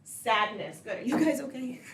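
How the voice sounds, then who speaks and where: A woman's voice: sits high, expressive, fast. A woman hosting a live improv comedy show, upbeat and calling out to the audience from the stage. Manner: upbeat, shouting eliminations to the crowd. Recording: echoey stage from a distant mic with noise.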